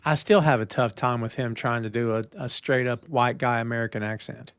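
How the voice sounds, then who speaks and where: A man's voice: steady tone, a little fast, fairly bright tone, smooth, no echo, clean studio sound. A man co-hosting a casual movie commentary podcast, joking around and acting out silly voices. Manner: jokey, acts out silly voices, big pitch swings. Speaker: podcast co-host.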